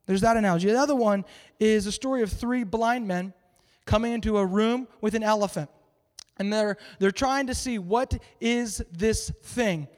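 A man's voice: high-pitched, fairly quick. A man giving a casual, joking sermon to an audience, asking many rhetorical questions in a conversational way. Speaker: preacher. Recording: long reverb in a large hall.

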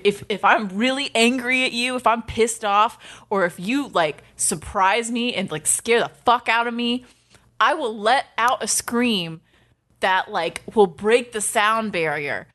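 Swearing, animated woman podcast co-host. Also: a little high. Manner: animated storytelling with swearing and laughter. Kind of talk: casual chat.

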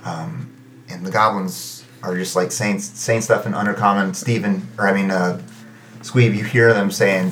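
A man running a tabletop game as game master, narrating in a halting way full of fillers and small restarts. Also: low-pitched, steady tone, a bit bright, roomy sound, slight background noise.

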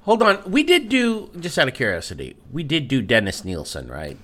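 A man's voice: mid-range voice, huge pitch swings, moderate pace, fairly bright tone. A man co-hosting a podcast in casual banter, making playful asides. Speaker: podcast co-host.

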